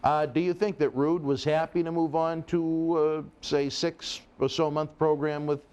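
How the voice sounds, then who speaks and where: A man hosting a studio interview who steers the talk along with short questions, quick apologies and dry jokes. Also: fairly high pitch, little pitch movement, a little mellow, clean tone. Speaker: interview host.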